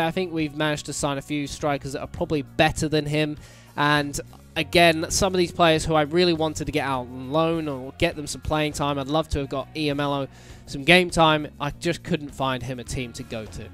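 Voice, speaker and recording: A young man giving casual let's-play commentary on his own game, chatty and bursting into excited shouts at the players. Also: on the high side. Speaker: gaming channel host.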